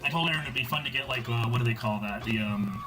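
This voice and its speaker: A man's voice: mid-range voice, fast, poor audio. Rambling man chatting over music. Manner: rambling storyteller, full of fillers and restarts. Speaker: co-host of a game stream. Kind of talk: casual chat.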